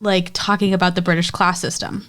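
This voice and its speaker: A woman's voice: lowish voice, little pitch movement, fairly quick, a bit bright. Blunt, opinionated woman podcast co-host. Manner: blunt, opinionated, swears freely. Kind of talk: casual chat.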